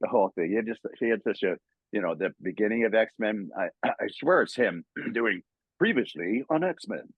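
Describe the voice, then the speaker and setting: A man's voice: lowish voice, fairly quick, husky, no echo, narrow, tinny audio. An older man, a voice actor, telling casual stories in an interview, chuckling often and acting out voices. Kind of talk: casual anecdotal storytelling.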